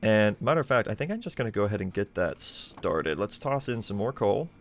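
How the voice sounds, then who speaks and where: A man with a lowish voice streams a game live, thinking out loud in a chatty, filler-heavy commentary. He sounds very animated and talks a little fast.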